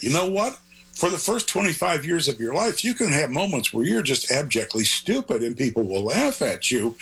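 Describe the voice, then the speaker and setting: A man's voice: on the high side, gravelly, a bit bright, husky, low-quality recording. An older man, a grandfather, talking as an author guest in an interview, rambling and earnest in a digressive way. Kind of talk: conversational interview.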